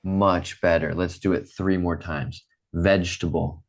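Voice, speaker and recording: In his online English class, a man with a very deep voice speaks in a level tone, patiently encouraging students. He enunciates every word slowly so they can repeat after him, clearly used to vocabulary drills.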